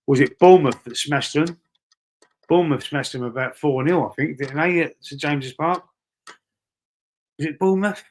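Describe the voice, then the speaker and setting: A man with a Cockney accent hosting a live football watch-along, chatting casually with viewers in a rambling, matey way, repeating himself and reading out comments. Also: mid-range voice. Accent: London Cockney. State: breathy asthma-wheezy at times. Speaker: livestream host.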